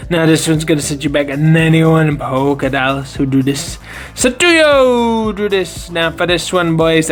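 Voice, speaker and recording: A man hosting a comedic card review vlog, talking in a hyped, slangy, jokey way. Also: on the high side. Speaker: collectibles channel host.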